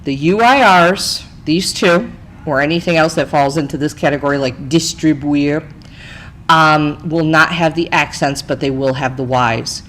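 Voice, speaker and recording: A woman's voice: low voice, measured pace, a bit bright, a little hiss or hum, low-quality recording. A woman Spanish teacher narrating a recorded slide lesson, chatty, explaining step by step and checking in with "okay?".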